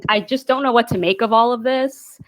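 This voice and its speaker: Deadpan woman, clear dry voice. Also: a little high, a little fast, no room sound, rough recording. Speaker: guest.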